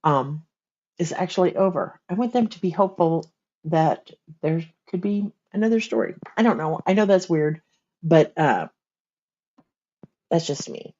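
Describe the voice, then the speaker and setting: A woman's voice: lowish voice, measured pace, pauses often, dark tone. Chatty grandmother on a lo-fi livestream. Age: older. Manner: chatty, laughs often, coos at a baby. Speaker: author hosting a livestream. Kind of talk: casual livestream chat.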